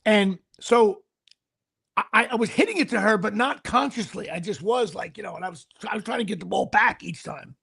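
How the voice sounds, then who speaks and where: A man's voice: sits high, brisk, creaky, slightly rough. A middle-aged man hosting a casual chat, telling a story with laughs and acting out what people said. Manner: animated, laughs mid-story, acts out quotes. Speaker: podcast host.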